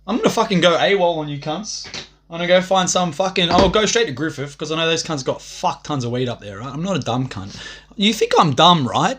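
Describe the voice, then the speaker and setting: A man's voice: on the high side, expressive, brisk, a bit bright. Profane rambling man ranting. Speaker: livestreamer. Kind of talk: rambling livestream rant.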